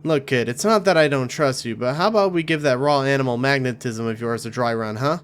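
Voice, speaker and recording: A man voicing a gruff, streetwise male vampire informant in a game, blunt and sarcastic with a gravelly voice. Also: mid-range voice, fairly quick, lightly acted.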